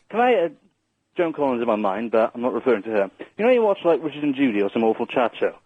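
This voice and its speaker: A man's voice: medium pitch, sing-song, brisk, husky, no room sound. A man from Wales, calling a radio show and bantering cheekily. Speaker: caller. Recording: thin telephone line.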